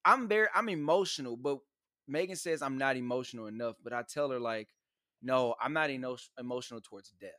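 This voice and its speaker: Man, casual chat, slangy animated storytelling, laughs a lot, dry close sound. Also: medium pitch, brisk, no room sound.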